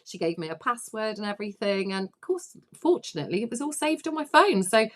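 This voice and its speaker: A woman from Cornwall chats as a guest on a live radio show, often laughing and poking fun at herself. Her voice sits at a middling pitch with an easy, conversational flow. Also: lively intonation, a little fast. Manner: laughing often, self-deprecating, chatty. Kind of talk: casual radio chat.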